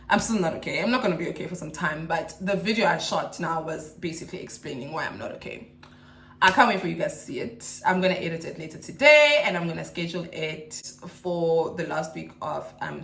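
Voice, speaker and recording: A woman's voice: lowish voice, a bit bright, echoey room. A South African woman in her thirties, a mother vlogging in a chatty, emotional, rambling way. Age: 30s. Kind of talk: casual chat to camera.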